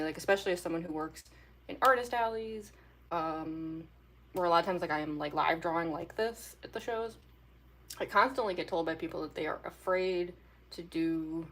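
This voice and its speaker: A young woman chatting casually with her viewers during a drawing livestream. She giggles often and talks in a loose, rambling way with lots of fillers. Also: fairly low pitch. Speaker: artist livestreamer.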